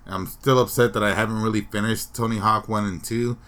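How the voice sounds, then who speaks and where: Bright-voiced crude podcast host man. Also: on the low side, steady tone, brisk. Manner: crude, offhand, swearing. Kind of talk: casual chat.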